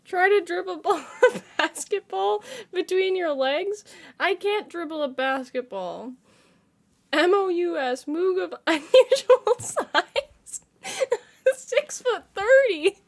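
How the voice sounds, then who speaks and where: A woman's voice: extremely high pitch, animated, slow pace. A woman game streamer in casual live-stream chat, reading viewer comments aloud and laughing to tears, giggling constantly through her words. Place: home streaming setup.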